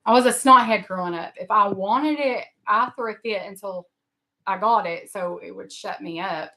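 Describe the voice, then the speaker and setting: A middle-aged woman with a drawl rambles through a casual livestream chat. She is open, emotional and quick to poke fun at herself. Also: medium pitch, bright, forceful tone. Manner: rambling, emotional, self-deprecating. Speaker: livestream host. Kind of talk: casual live-stream chat.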